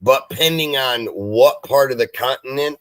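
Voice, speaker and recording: An American man hosts a casual livestream chat, blunt and quick to swear. His voice is bright and forceful. The sound is dry, with no room echo. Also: medium pitch. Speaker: livestream host.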